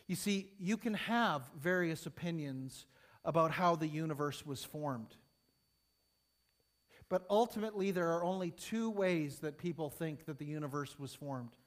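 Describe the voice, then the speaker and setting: A man preaching a sermon to his congregation, rising to emphatic peaks and falling soft, then leading a prayer. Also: on the high side, unhurried. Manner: emphatic, building and falling in intensity.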